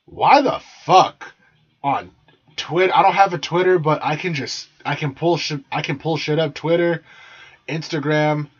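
A young man from San Jose, California rants crudely and bluntly on a podcast, swearing nonstop and sounding exasperated. His voice is fairly high, husky, and a bit slow, recorded with dull lo-fi sound in a small room with the door partly closed.

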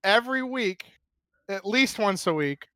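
A man telling a rambling, profane story in casual chat, animated and laughing. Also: sits high, unhurried, no room sound.

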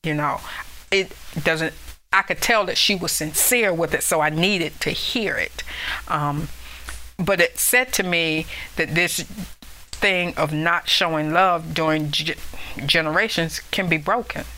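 A woman's voice: low voice, measured pace, bright, forceful tone, slight background noise, poor audio. A woman in her fifties telling a family story in a casual chat, laughing often as she talks. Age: 50s.

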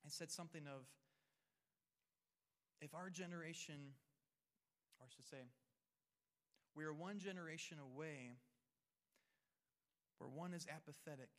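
A man's voice: on the high side, fairly bright tone. A male pastor preaching a sermon, reading scripture and speaking earnestly to the congregation, often repeating and restarting words.

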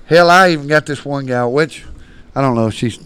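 A man's voice: mid-range voice, a little fast, clean tone, no room sound. A man, a podcast guest telling rowdy stories with lots of laughter. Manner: rowdy, laughing, acts out shouted quotes. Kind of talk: storytelling in casual chat.

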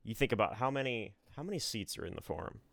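A young adult man co-hosting a podcast in casual chat, animated and joking, swearing now and then. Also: fairly low pitch, fast talker, vocal fry, dry recording. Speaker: podcast co-host.

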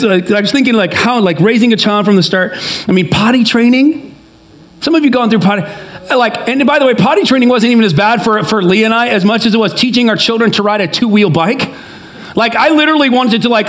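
High-voiced man preaching a casual sermon. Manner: casual, animated preaching with many fillers and asides. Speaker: pastor.

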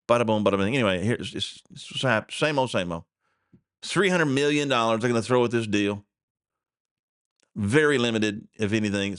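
A man's voice: medium pitch, a bit bright, no room sound, clean studio sound. A man hosting a casual solo news commentary show, rambling, repeating himself and chuckling along. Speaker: podcast host.

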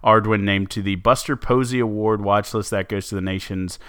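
In clean studio sound with no echo, a male podcast co-host chats casually about sports, full of fillers and restarts. His voice is on the low side, clear and resonant with a fairly bright tone, and his intonation is fairly even at a normal speed.

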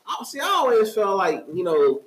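A man's voice: high voice, sing-song, moderate pace, fairly bright tone. A man co-hosting a casual chat, talking in a laid-back, slangy way and laughing often. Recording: echoey room with background hum.

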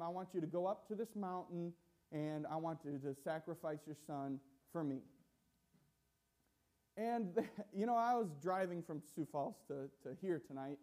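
A young man preaching an emotional sermon in a church, halting and repeating himself with nervous laughs. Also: a little high, mellow. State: emotional, coughing.

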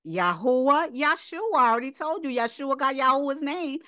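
A woman's voice: high-pitched, expressive, moderate pace, pushed and bright, no room sound, studio quality. A woman teaching a casual scripture lesson, reading verses aloud and then commenting directly to her listeners. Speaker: Bible study teacher.

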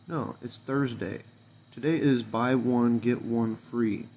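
Fed-up man, mid-pitch voice, sarcastic profane rant with faint background hiss. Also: fairly even intonation, slow, a little mellow. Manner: fuming, sarcastic, heavy swearing, loose and rambling. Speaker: unhappy customer venting. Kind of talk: angry profane rant to camera.

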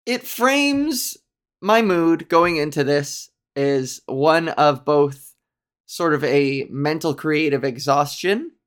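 A woman's voice: low-pitched, animated, takes it slowly. A woman hosting a solo podcast, chatting casually in a rambling, jokey way, full of ums and self-corrections. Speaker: podcast host.

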